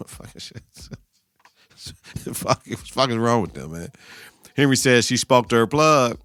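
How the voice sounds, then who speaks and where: A man's voice: mid-range voice, lively intonation, unhurried, long pauses, a bit bright, clean tone, dry recording, studio quality. Profane, slangy man recapping TV. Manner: profane, slangy, talks back at the screen. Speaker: podcast host. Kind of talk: casual TV episode recap.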